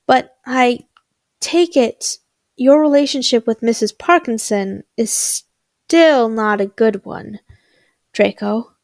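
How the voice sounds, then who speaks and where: A woman voicing a stern but kind elderly headmistress in a read-aloud story, speaking slowly and measuredly. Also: a little high, a little mellow, dry recording, studio quality.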